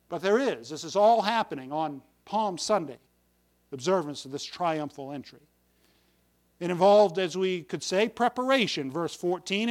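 A man preaching a folksy sermon to his congregation, with sudden emphatic bursts on key words. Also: sits high. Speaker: pastor.

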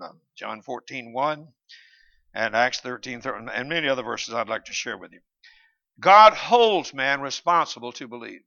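Emphatic preacher man, bright lo-fi sound. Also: mid-range voice, vocal fry. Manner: emphatic, argumentative, rising and falling in volume, quoting King James verses. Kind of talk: sermon. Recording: dull lo-fi recording.

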